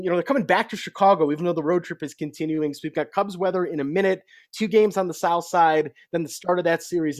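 Higher-voiced chatty man, dry sound. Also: no echo. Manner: chatty storyteller. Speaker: podcast co-host. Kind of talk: casual sports talk.

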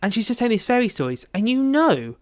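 A man's voice: very high voice, sing-song, brisk. A man co-hosting a book podcast, chatting casually and animatedly, with plenty of filler words. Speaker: podcast co-host. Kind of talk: casual chat about a book.

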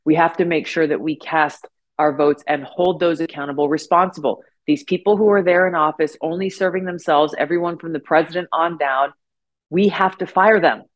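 A woman guest speaks in an earnest, rousing way about civic duty. She delivers her points with measured, deliberate emphasis. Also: sits low, fairly even intonation. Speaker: guest politician. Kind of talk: political speech in interview.

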